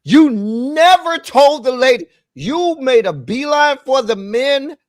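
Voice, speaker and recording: A man with a high voice argues his point with heat and plenty of swearing. His close mic sounds dry, with no room around it. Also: lively intonation, slow, no echo. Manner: heated, emphatic, profane. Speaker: panelist. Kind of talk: casual panel chat.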